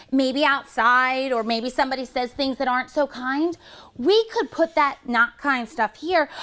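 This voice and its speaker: A woman teacher leading young children in a classroom, animated and full of praise. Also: high-pitched.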